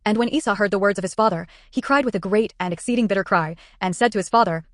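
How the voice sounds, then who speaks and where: A woman reads scripture aloud at a brisk clip, in a steady, even cadence. Her voice sits mid-range and sounds close and dry, with no room around it. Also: medium pitch, no room sound. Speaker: Bible reader. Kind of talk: scripted Bible narration.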